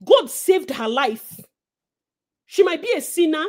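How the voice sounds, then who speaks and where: A Nigerian woman co-hosting a casual gossip chat, animated and preachy, slipping into Pidgin. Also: sits high, measured pace. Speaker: co-host.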